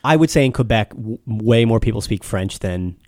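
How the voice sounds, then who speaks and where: A man's voice: fairly low pitch, animated, normal speed, a little mellow, no echo, studio quality. An American man explaining things patiently in a casual chat, with frequent restarts. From United States.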